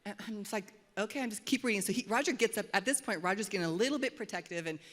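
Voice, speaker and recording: A middle-aged woman pastor preaching a sermon in a church auditorium, telling a story with animated, dramatic delivery. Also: mid-range voice, racing. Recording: long hall reverb.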